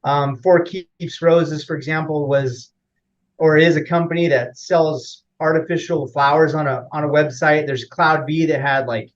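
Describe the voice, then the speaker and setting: Male interview guest, slightly high voice, rambling with fillers, lo-fi audio. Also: fairly even intonation, measured pace. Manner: rambling, many fillers and restarts. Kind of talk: casual explanatory interview.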